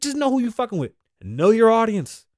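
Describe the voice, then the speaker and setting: A man hosting a podcast, talking in casual, profane, animated commentary and acting out quotes. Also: extremely high pitch, brisk, no room sound, studio quality. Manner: animated, swearing, joking, acts out quotes. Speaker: podcast host.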